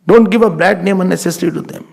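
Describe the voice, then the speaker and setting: Man, Indian English accent, swami giving a sermon, high voice, emphatic and repetitive. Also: quick pace, vocal fry. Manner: animated, emphatic, repeats phrases, mixes in Hindi words. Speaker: swami giving a spiritual discourse.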